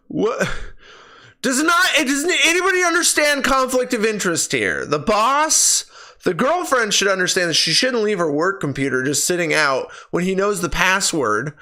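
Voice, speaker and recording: Animated, bright-voiced ranting man. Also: sits high, measured pace. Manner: ranting and exasperated, swears freely. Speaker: movie reviewer and streamer. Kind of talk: casual spoken film review. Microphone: personal streaming microphone.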